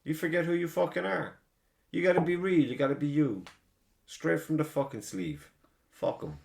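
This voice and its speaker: A man's voice: fairly high pitch, normal speed, gravelly. An Irish man hosting a podcast, telling rambling, profane stories in a casual chat. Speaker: podcast host.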